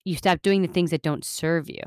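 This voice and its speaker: A woman's voice: on the low side, fairly even intonation, brisk, a little mellow, clean tone, dry recording, clean studio sound. A woman hosting a self-help podcast, talking in an earnest, rambling, motivational way with lots of fillers. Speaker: podcast host.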